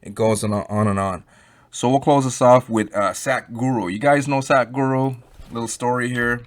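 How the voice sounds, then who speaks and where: A man's voice: medium pitch, steady tone, normal speed. A man giving rambling, emphatic, unscripted commentary, addressing viewers directly. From Canada. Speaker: YouTube crypto commentator.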